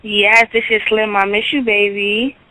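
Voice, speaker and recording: A woman's voice: mid-range voice, level tone, measured pace, bright, forceful tone, dry recording, poor audio. A woman calling in to a radio show, talking in a sultry, affectionate, slangy way. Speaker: caller.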